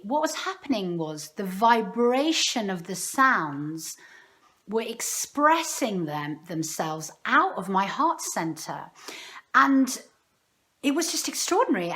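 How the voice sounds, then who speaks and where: Middle-aged woman meditation teacher, chatty and expressive, speeds up then drifts slow and breathy. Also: mid-range voice. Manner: expressive, speeds up and slows down, airy emphasis. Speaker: spiritual teacher, meditation host. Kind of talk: casual spiritual talk to camera.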